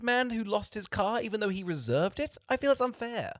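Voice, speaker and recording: A man's voice: high-pitched, expressive, a little fast, a bit bright, no room sound, studio quality. A young man, co-hosting a casual comedy podcast about films, joking and swearing. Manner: joking, swears freely, keeps saying "quite frankly". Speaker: podcast co-host. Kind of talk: casual comedic film chat.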